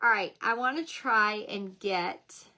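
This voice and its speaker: A woman's voice: mid-range voice, takes it slowly, pushed and bright. A middle-aged woman hosting a casual crafting livestream from home, chatting about her supplies, scolding herself for forgetting things and greeting viewers by name.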